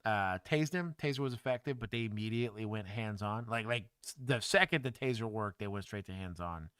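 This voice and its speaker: A former police officer hosting a livestream, reacting bluntly and casually to bodycam footage with laughs. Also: male voice, fairly low pitch, a little fast, a bit bright, clean tone, dry recording, studio quality.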